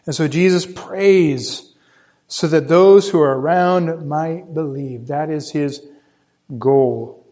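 A man with a high voice delivers a teaching sermon, walking listeners through a passage and tossing in "right?" as he goes. His voice lifts higher when he drives a point home. The recording sounds muffled and lo-fi. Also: slow pace, warm tone. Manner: teaching, often checks with "right?", rises in pitch for emphasis. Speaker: pastor. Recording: dull lo-fi sound.

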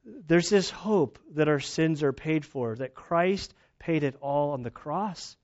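A man's voice: a little high, a little mellow. Conversational male preacher, muffled sound. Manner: conversational, storytelling with frequent restarts. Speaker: pastor. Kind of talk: sermon.

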